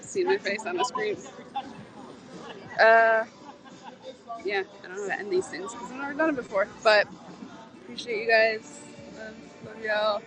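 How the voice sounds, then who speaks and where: A woman's voice: a little high, steady tone, normal speed, pauses often, music in the background, crowd noise, low-quality recording. A woman chatting to viewers on a casual live stream while walking a city street at night, rambling and laughing easily, with the phone held close to her face. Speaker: livestreamer.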